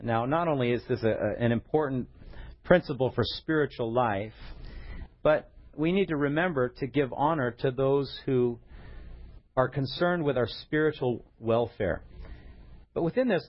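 A man preaches in a relaxed, conversational way, with light humor running through the sermon. His voice sits at an ordinary middle pitch. The recording sounds a little dull and lo-fi. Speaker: pastor.

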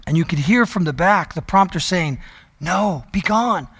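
A man preaching a sermon, telling a story and slowing down to stress key words. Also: sits high, expressive, a bit bright, husky, big-room sound. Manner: storytelling preacher, slows down for emphasis. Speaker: pastor.

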